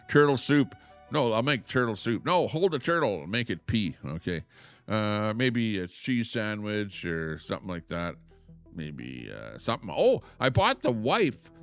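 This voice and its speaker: Middle-aged man, casual live host; rambling, ranty delivery, low-ish voice. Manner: rambling, ranting, full of filler words. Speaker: livestream host. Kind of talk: casual live-stream talk. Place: lakeside home, Alberta.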